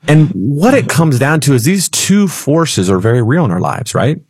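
A man's voice: mid-range voice, very animated, moderate pace, hardly any pauses, darkish tone, slight background noise. A man co-hosting a financial radio show, chatting in a playful, storytelling way. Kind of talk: casual talk radio chat.

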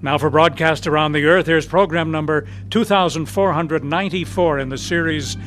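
A man announcing and narrating a radio drama in a measured, earnest way. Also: a little high, steady tone, fairly bright tone, soft background music.

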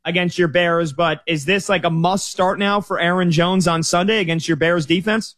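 A man's voice: sits high, fairly even intonation, moderate pace, fairly bright tone, dry recording, studio quality. A man hosting a sports talk radio show, bantering playfully with plenty of wordplay.

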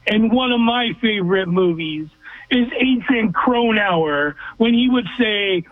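Guy calling in to sports radio, really high voice, tinny phone sound, blunt and ranty. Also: lively intonation, unhurried, dry recording. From Southern California. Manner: blunt, emphatic ranting. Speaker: regular caller. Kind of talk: call-in sports talk radio. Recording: tinny phone line, dry.

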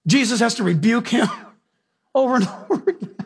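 A male preacher delivers a sermon in a high-pitched voice. His tone is husky and breathy, and he presses points home with emphasis and direct questions to the congregation. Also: normal speed. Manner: emphatic, questions the audience, animated storytelling.

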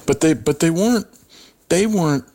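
A middle-aged male journalist answering interview questions, halting with many restarts. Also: a little high, animated, warm tone. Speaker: journalist guest. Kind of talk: radio interview.

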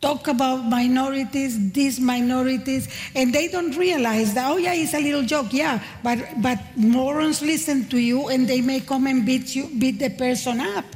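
A woman stand-up comedian on a panel, speaking earnestly and haltingly with restarts. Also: sits high, a little mellow, in a large hall. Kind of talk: panel discussion.

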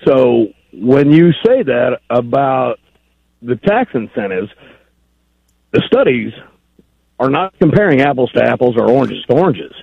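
A man's voice: medium pitch, sing-song, a little slow, gravelly, pauses often, breathy edge, no echo. A man calling in to a radio show, rambling and pressing the host on a point. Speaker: caller. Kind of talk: phone-in call. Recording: dull lo-fi phone line.

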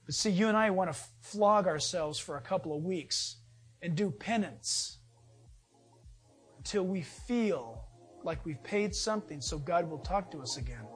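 A man's voice: high-pitched, animated, unhurried, husky. A male pastor preaching a sermon in an emphatic, conversational way, with rhetorical questions and joking asides.

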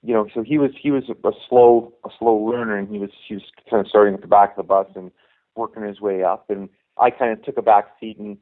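A man's voice: on the low side, steady tone, fast. A middle-aged man, a youth hockey coach, telling a long story in a casual interview, full of restarts and "you know". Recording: tinny phone-line sound.

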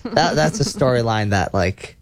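Young male sports talk host, mid-pitched, excitable and rambling, dry close sound. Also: moderate pace, no echo. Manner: rambling, self-correcting, enthusiastic. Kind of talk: casual sports talk countdown.

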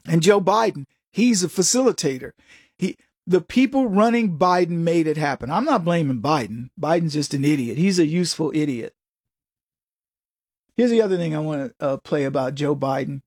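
A man's voice: fairly high pitch, lively intonation, moderate pace, darkish tone, slightly rough, dry recording, studio quality. A middle-aged man hosting a political commentary monologue, emphatic and digressive with sarcastic asides. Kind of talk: opinionated monologue with anecdotes.

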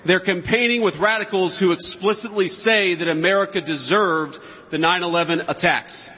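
With a high voice at normal speed, a political speaker delivers a campaign rally speech in a large hall while a crowd murmurs behind him. He is emphatic and mocking, tossing in sarcastic asides, and the lo-fi recording carries long hall reverb.

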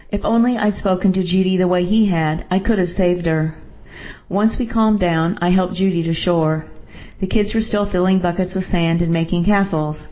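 A woman narrating a first-person story in a calm, measured way. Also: fairly low pitch, lo-fi sound.

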